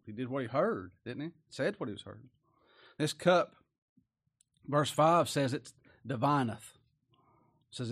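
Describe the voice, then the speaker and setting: A man preaching a Bible sermon in a folksy way. He reads scripture aloud and swings between loud stresses and quiet asides. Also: medium pitch.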